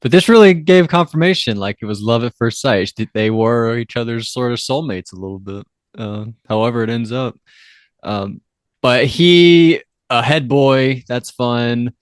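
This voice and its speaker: A man's voice: moderate pace, dry recording. Rambling male co-host, dry sound. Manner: rambling, self-correcting, quotes lines in a lowered voice. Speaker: podcast co-host. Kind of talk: casual chat recapping a TV episode.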